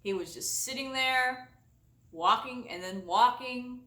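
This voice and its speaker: A woman vlogger telling a comic story to camera, exaggerated and animated, laughing often. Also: a little high, measured pace, echoey room, distant mic. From United States.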